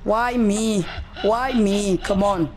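A man's voice: high voice, slow, a crowd in the background. A man commentating on a horror game as he plays, talking to himself in a nervous, frightened way. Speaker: gaming channel host.

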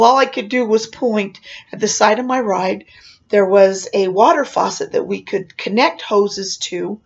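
A woman recounts a memory in an animated storytelling manner, slipping into voiced quotes of the people in it. Her mid-pitched voice has a gravelly edge. The recording sounds a little dull and muffled. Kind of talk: personal storytelling.

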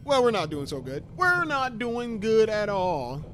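A man with a slightly sore voice talks his way through a horror game, joking and yelping at the scares. His delivery is unhurried, and his pitch sits a little high and moves a lot. A faint hiss of noise runs under the recording. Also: very animated, a bit bright. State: sore voice from talking. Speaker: gaming YouTuber.

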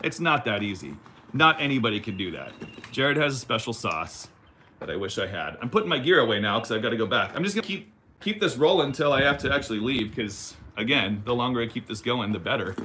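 Chatty middle-aged vlogger with a bright, lively voice, self-teasing and rambling. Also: male voice, mid-range voice, fast, slight background noise. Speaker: YouTube vlogger hosting a live stream. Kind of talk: casual live-stream chat, reading viewer comments.

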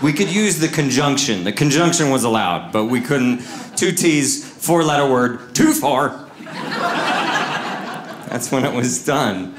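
A man's voice: mid-range voice, animated, measured pace, noisy background. A man from Seattle doing stand-up comedy, wry and self-mocking, acting out voices in his stories. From Seattle, USA. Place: comedy club stage. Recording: roomy club sound with ambience.

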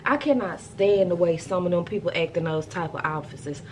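A woman vlogger telling stories in a casual, animated, colloquial way. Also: fairly low pitch, moderate pace, slight background noise. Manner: chatty, animated, colloquial storytelling. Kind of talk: casual storytelling chat.

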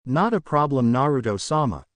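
A man's voice: medium pitch, sing-song, moderate pace, no echo, lightly acted. A man voicing a small, loyal male fox summon who reports formally and respectfully. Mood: dutiful.

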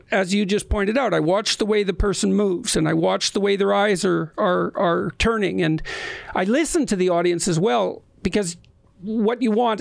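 High, gravelly-voiced man asking probing questions. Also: no room sound. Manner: measured, probing, with frequent restarts. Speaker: podcast co-host. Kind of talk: conversational interview.

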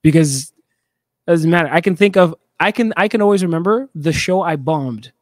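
A man's voice: a little high, brisk, dry recording, clean studio sound. A young man, a musician guest, talking in a reflective, loose and chatty way. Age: young adult. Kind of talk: casual interview chat.

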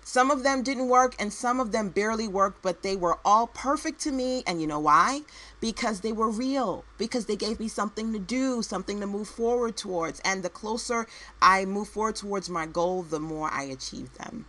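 Emphatic woman with a bright, tense voice. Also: mid-range voice, normal speed. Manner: emphatic, punchy one-word headings and repeated phrases; conversational asides to the listener. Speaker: entrepreneur and work-at-home mom. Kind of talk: motivational speech.

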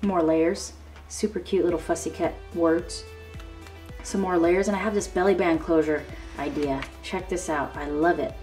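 A woman's voice: fairly low pitch, steady tone, moderate pace, a little mellow. A woman hosting a crafting tutorial, gushing and chatty as she shows off her work in a casual demonstration. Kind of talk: casual show-and-tell demonstration. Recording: slightly distant mic with faint background music.

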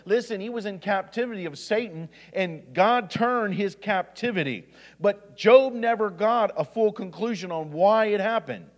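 A man with a high voice delivers a sermon as assistant pastor, reading scripture and stumbling into restarts and asides. He is recorded in a church sanctuary with a long reverb trailing his words. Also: normal speed. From Indiana.

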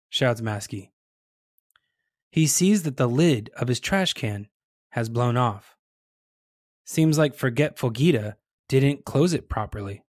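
A children's storyteller reading aloud gently and expressively, leaning into the sound words. The pace is slow and deliberate, and the voice is mid-range. It is recorded dry and close, with no room sound. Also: medium pitch, animated, no room sound.

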